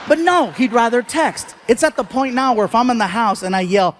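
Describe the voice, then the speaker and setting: A man in his forties performing a stand-up comedy routine on stage, telling animated stories and shouting out voice impressions. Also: extremely high pitch, a little fast, few pauses, a little hiss or hum. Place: stage before a live audience.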